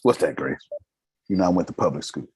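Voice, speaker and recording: Raspy, emphatic man teaching. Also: sits low, fairly quick, darkish tone, no echo. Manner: emphatic, rhetorical questions, casual slang. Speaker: business mentor. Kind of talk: motivational teaching.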